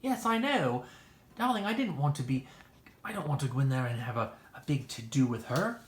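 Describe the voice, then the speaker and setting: A woman playing a flirty smooth-talking man, theatrical, low voice, echoey room, hobby drama. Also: animated, fairly quick, slight background noise. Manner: theatrical, gushing.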